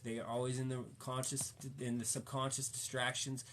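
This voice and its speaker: Casual streamer, male, mid-pitched, slangy and profane, rambles and preaches with fired-up energy. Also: flat delivery, normal speed, fairly bright tone, a little hiss or hum.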